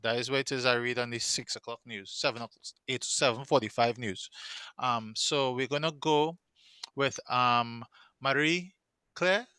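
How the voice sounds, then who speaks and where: A playful male host on a video call with a bright, crisp voice. The sound is dry and close. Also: medium pitch, normal speed, no room sound. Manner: playful, teasing, repeats himself. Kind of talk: hosting an online show.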